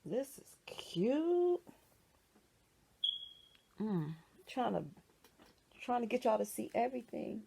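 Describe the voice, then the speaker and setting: A woman's voice: a little high, sing-song, slow pace, creaky, pauses often, mellow, slight background noise. A middle-aged woman chatting casually in a wig unboxing vlog, talking to viewers as y'all, dropping into whispers and squealing with delight. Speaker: wig reviewer.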